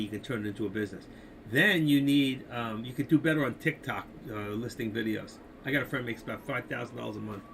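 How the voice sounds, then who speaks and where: Older man, gravelly voice, rambling live-stream talk, opinionated, faint background hiss. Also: medium pitch, fairly bright tone. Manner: rambling, opinionated, talks to viewers directly. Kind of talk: casual live-stream chat about markets.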